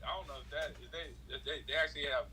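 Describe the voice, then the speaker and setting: A man's voice: a little high, fast, slight background noise, poor audio. A man in his forties, a former football player, telling stories in casual chat and acting out quotes in a raised voice. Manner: animated storyteller, acts out quotes in a raised voice.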